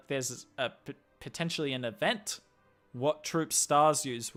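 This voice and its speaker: An Australian man chatting casually on a live game stream, answering viewers' questions and thinking out loud. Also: on the high side, lively intonation, a little slow, soft background music.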